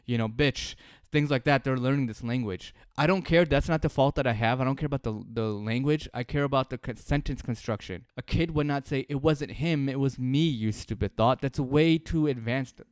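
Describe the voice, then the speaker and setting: A man at mid pitch with a smooth, resonant voice, talking over a film in a casual podcast chat. He is opinionated and emphatic, and he stays close to a dry, dead microphone. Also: a little fast, few pauses, no echo. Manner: opinionated, emphatic, animated when mimicking. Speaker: podcast co-host.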